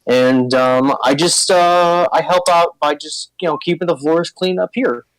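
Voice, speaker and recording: A man's voice: a little high, fairly even intonation, unhurried, dry recording, voice pushed up, lightly acted, low-quality recording. A man voicing a fussy, squeamish female gelatinous cube who works as a janitor, chatty and rambling.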